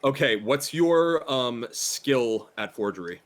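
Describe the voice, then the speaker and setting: A man's voice: medium pitch, animated, slow pace. A man narrating a tabletop horror game as game master, hesitant with many fillers.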